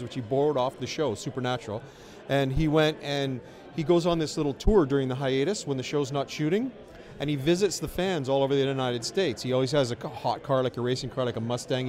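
A middle-aged man in a casual interview, telling stories in a chatty, wry and self-deprecating way. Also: medium pitch. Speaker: interviewee, filmmaker. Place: outdoors at a festival.

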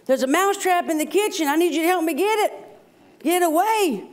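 Man voicing a frantic storybook mouse, very high squeaky plea, desperate. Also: animated, a little fast. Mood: pleading. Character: frightened little male house mouse begging for help.

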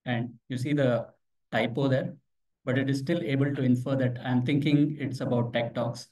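Demoing tech live at a meetup, a man speaks casually, shares anecdotes, and quizzes the audience. His mid-pitched, somewhat dark voice holds a steady tone at a moderate pace. He's picked up from well off the mic in an office meeting room.

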